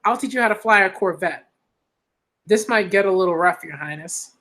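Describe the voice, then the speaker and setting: A man's voice: high voice, normal speed, bright, forceful tone. A man reading a sarcastic cocky officer.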